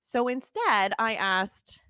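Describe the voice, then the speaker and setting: A woman's voice: a little high, very animated, slow, bright, forceful tone, dry recording. A woman hosting a podcast, telling a story in casual chat, laughing often and acting out the voices she quotes. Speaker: podcast host.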